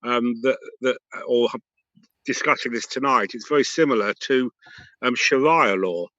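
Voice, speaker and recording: A man offers a point to an online group in a thoughtful but hesitant way, with many fillers between his words. His voice is mid-pitched and comes through a muffled, dry video call connection. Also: moderate pace, sharp tone, no echo. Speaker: participant. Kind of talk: discussion comment.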